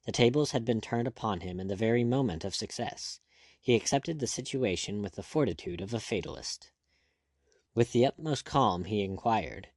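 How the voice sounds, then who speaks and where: Male audiobook narrator, expressive storyteller, dry studio sound. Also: fairly low pitch, no room sound. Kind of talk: scripted narration of an adventure novel.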